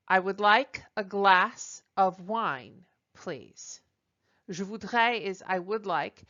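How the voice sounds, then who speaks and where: A woman teaching a French lesson at a slow, careful pace. She fills pauses with ums and uhs and models each phrase clearly so listeners can repeat it. The recording sounds a little dull and lo-fi. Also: medium pitch, pushed and bright.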